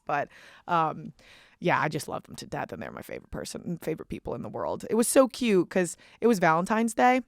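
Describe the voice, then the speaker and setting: Gravelly young woman, loud and profane. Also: fairly low pitch, brisk, no room sound. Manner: animated, profane storytelling. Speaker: podcast host. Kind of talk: casual chat.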